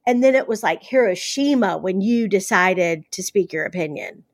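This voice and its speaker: A woman's voice: mid-range voice, animated, moderate pace, dry recording, studio quality. A woman from the American South, an author being interviewed, talking casually with blunt, salty humor and lots of fillers. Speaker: author guest.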